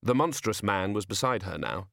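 A man reading a novel aloud as narrator, in a measured, dry storytelling manner. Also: on the low side, expressive, gravelly, fairly bright tone, no echo. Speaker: audiobook narrator. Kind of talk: scripted narration.

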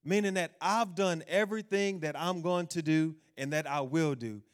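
A man's voice: on the high side, normal speed, clear, resonant tone. A man preaching a sermon as pastor, speaking animatedly to his congregation and the people watching online. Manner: loud, emphatic reading of scripture verses.

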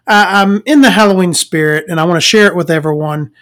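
A tired man hosting a solo podcast from a small dark room at home, talking casually into a desk microphone and rambling between jokes with lots of fillers. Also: sits high, fast. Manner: rambling and joking, with many fillers. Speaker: podcast host.

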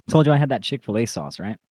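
A man's voice: medium pitch, big pitch swings, fairly quick, a little mellow, no room sound. A young man co-hosting a podcast in casual, profane chat while eating. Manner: profane, laid-back, eating while talking. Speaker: podcast co-host.

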